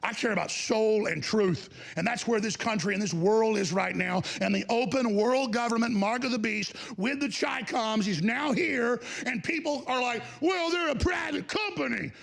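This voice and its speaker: A male talk show host delivering an angry, profane broadcast tirade, shouting often. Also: sits high, moderate pace, vocal fry, hardly any pauses. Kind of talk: ranting broadcast monologue.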